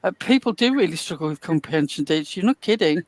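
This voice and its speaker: A woman's voice: fairly low pitch, animated, fast, no room sound. An English woman co-hosting a casual live stream, blunt and sweary with dry put-downs. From England. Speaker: co-host.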